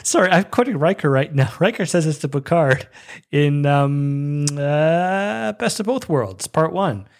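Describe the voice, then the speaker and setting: A young man hosting a show, casually reviewing an episode with bursts of excited, high-pitched enthusiasm. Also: measured pace. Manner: excitable, breaks into high-pitched squeals of delight.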